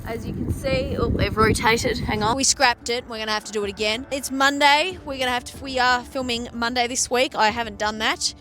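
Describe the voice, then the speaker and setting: An Australian woman films a casual vlog on her phone outdoors on her sheep farm, talking bluntly with plenty of swearing and sarcasm. Her voice is a little high and a little quick, with few pauses.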